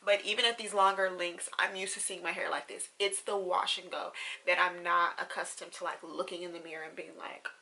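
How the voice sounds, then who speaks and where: A young woman talks casually to her camera in a rambling, filler-laden vlog. Her voice is bright and forward, with a gravelly fry running through it, and she turns tearful and gushing as she goes. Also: on the low side, level tone, fairly quick. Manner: chatty and rambling with many fillers. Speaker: vlogger.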